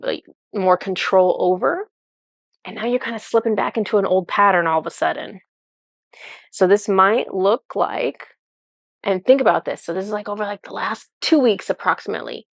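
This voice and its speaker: Woman with a gravelly creaky voice, chatty spiritual forecast, lots of "like", dry close sound. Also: mid-range voice, no room sound. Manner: chatty, frequent "like" and restarts. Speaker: spiritual energy reader. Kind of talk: casual monologue to camera.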